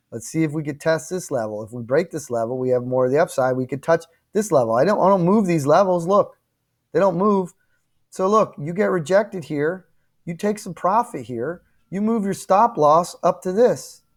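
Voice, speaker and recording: A man with a slightly high voice walks viewers through market charts in a loose, conversational way. He repeats himself and keeps checking in with "okay?" and "right?", pressing his points with insistence. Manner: emphatic, repetitive, addresses viewers directly with frequent "okay?" and "right?"; apologetic and frustrated at times. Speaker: crypto trading channel host. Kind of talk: casual chart walkthrough.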